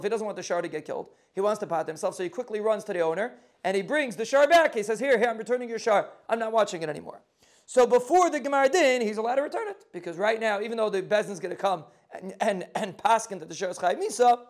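A man leads a Talmud lesson. He reads the Aramaic text aloud and explains it in quick, casual sprinkled with terms. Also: sits high. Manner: quick explanatory, translating Aramaic text into English with yeshiva phrasing. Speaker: Talmud teacher. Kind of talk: daf yomi Talmud lesson.

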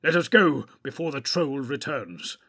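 A man voicing an old male wizard, stern and commanding, giving urgent, forceful orders in a husky voice in an audiobook reading. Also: fairly high pitch, normal speed, heavily acted.

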